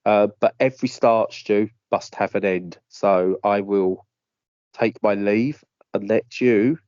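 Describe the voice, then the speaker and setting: A man's voice: lowish voice, steady tone, takes it slowly, a little mellow, no echo. A man hosting a gaming podcast, playful and jokey in casual chat. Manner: playful, jokey, jumps into silly voices. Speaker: podcast host. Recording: dry, dull lo-fi podcast audio.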